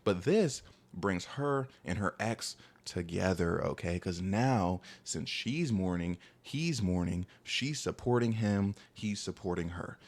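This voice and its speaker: A young man in his twenties telling a casual, rambling story about his dating past, animated and full of asides. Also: deep voice, takes it slowly. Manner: animated, rambling, heavy use of "like". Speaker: storytime vlogger.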